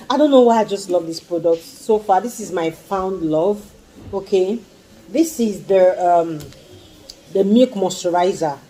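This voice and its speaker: A woman's voice: medium pitch, dark tone, rough recording. A woman reviewing skincare products in a casual vlog, gushing and repeating her exclamations and pleas. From Nigeria. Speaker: skincare vlogger.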